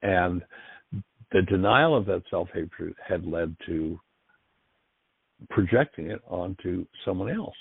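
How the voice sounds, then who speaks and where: A low, gravelly man hosts a call-in radio show in an earnest, encouraging way. His voice is husky and reflective. The sound is thin and phone-like, with no room echo at all. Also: expressive, slow, long pauses. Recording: dry, tinny phone-like line.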